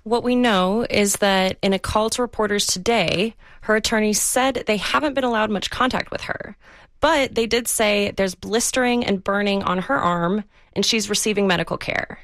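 A woman investigative correspondent explaining the facts in an even, factual studio news report. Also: mid-range voice, normal speed, dry recording.

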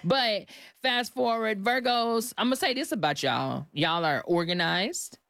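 A woman's voice: mid-range voice, animated, unhurried, creaky, a bit bright, no echo. A woman hosting a radio show, bantering playfully and teasing her co-host. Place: radio studio.

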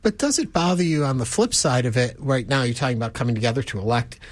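A man's voice: mid-range voice, expressive, quick pace, no room sound. A man hosting a talk show, speaking earnestly and musing at length in long run-on points. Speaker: host. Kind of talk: reflective talk-show discussion.

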